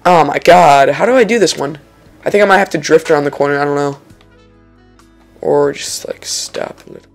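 A young man giving casual, excitable let's-play commentary over a racing game, swearing and exclaiming when he makes mistakes. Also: fairly high pitch, fairly quick, gravelly, soft background music. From Lithuania. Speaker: gaming channel host.

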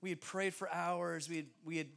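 A young man preaching from a church stage, his voice high and bright. He tells stories with bursts of laughter and plays the voices of the people in them. Both delivery and tone stay animated throughout. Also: fairly quick, creaky. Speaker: guest preacher. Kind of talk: sermon storytelling. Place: church sanctuary.

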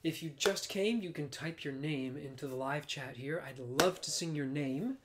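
Cast a man as a playful preschool music teacher on a live stream, fairly high voice, giggly, sometimes whispering. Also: normal speed, background noise. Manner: playful, apologetic, laughs often, drops to soft whispers. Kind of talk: live-streamed kids' music and movement class.

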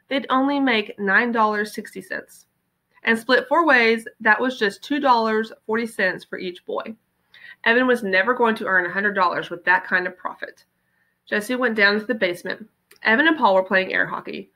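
A woman teacher reading a children's novel aloud with expressive storytelling. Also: mid-range voice, moderate pace.

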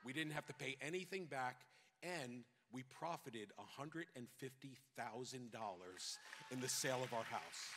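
A man's voice: medium pitch, expressive, normal speed, background noise. A middle-aged pastor from New York with a New York accent, preaching a sermon and exhorting his congregation with rising intensity. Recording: long hall reverb.

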